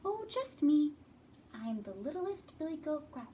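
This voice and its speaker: Woman doing a tiny squeaky billy goat. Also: big pitch swings, dark tone, a little hiss or hum. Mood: pleading. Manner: high, pleading, quick. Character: littlest billy goat, small young male, timid.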